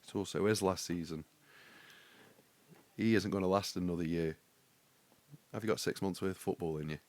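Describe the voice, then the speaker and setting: A man, chatting on a podcast and joking his way through stories. His voice sits a little low and sounds close and dry, with no room around it. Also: normal speed, darkish tone, no echo. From England. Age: 40s. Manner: jokey, storytelling, breaks into song. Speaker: podcast co-host. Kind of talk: casual chat.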